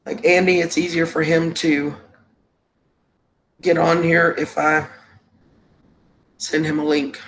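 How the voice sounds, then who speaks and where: A woman's voice: low-pitched, little pitch movement, slow pace, long pauses, a little hiss or hum. A woman hosting a casual live stream, congested and sniffly with a cough, greeting viewers with endearments over a laptop microphone.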